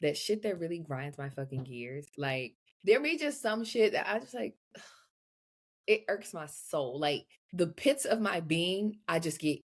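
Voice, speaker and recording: A young woman co-hosting a podcast, chatting casually in a blunt, profane, animated way. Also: on the low side, measured pace. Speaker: podcast co-host. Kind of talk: casual chat.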